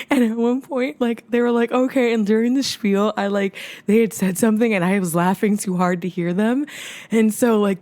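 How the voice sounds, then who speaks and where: A woman's voice: medium pitch, a little mellow. A young woman co-hosting a podcast, chatting casually and acting out the voices in her stories. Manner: storytelling, acts out quoted voices. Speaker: podcast co-host. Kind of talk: casual chat.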